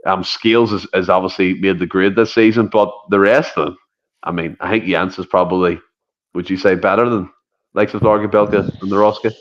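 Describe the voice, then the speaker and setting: A Scottish man hosting a podcast quiz, talking in a brisk, jokey way and swearing freely. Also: low-pitched, steady tone. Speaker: podcast host running a quiz. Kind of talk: casual podcast chat. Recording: dull lo-fi podcast audio.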